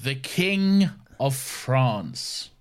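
A man's voice: mid-range voice, sing-song, drawn-out words, smooth. Casting: male podcast co-host, casual and playful, wanders off mid-thought, mid-range voice. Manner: rambling, playful, loses his train of thought. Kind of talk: casual chat.

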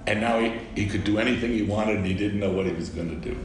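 A man telling an animated anecdote as a film director guest in a casual interview, laughing often. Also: lowish voice, fast talker, slight background noise. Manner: animated storyteller who laughs a lot. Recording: roomy with crowd chatter.

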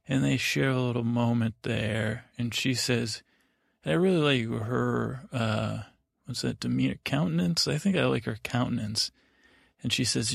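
Gravelly man rambling a sleepy recap. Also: mid-range voice, steady tone, normal speed, dry recording, studio quality. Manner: meandering, drowsy, lots of fillers and asides. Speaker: podcast host.

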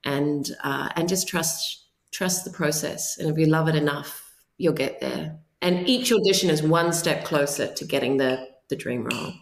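A low-pitched woman in her forties with a New Zealand accent, talking as an interviewed actor. She gives earnest advice and often restarts her sentences. Her voice carries a roomy echo. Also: normal speed. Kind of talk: casual interview chat.

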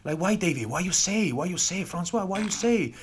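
A man's voice: sits high, animated, a little fast, slight background noise, voice pushed up. A man putting on an exasperated Argentinian rugby prop with an Argentinian Spanish accent, scolding in broken English.

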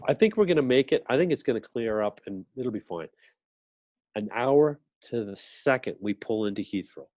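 A middle-aged man recounts a story with lively, animated delivery, slipping into the voices of the people he quotes. The sound is close and dry, with no room around it. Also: medium pitch, moderate pace, no echo, highs cut off. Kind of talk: casual chat.

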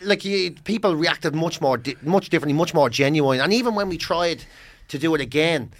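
An Irish man, a comedian guest on a podcast, telling stories in a lively, chatty way. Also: a little high. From Ireland. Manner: lively storyteller, quick and chatty. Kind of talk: casual podcast chat.

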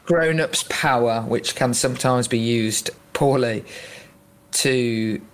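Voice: medium pitch, slow. A podcast host reflecting aloud in a rambling, appreciative way during an interview. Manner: musing, rambling, warmly appreciative.

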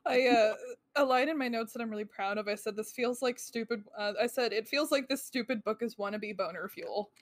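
A woman's voice: a little high, a little fast. Wry woman reading out her notes. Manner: reads out her own notes, wry and amused. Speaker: podcast co-host. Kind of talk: casual chat.

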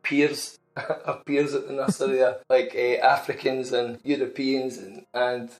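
A Scottish man spins a loose, amused story in casual podcast chat, wandering through his point. His mid-pitched voice rings with a noticeable roomy echo. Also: level tone, unhurried. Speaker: podcast co-host. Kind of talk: casual chat, anecdote telling.

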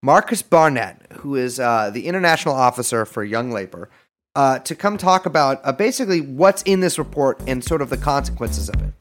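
A man hosting a podcast, chatting casually in an animated, rambling, self-mocking way. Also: mid-range voice, a little fast. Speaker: podcast host.

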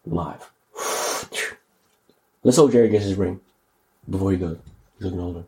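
A man hosting a casual comedic news podcast, slangy and animated, often jumping into high mocking voices. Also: measured pace, gravelly. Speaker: podcast host.

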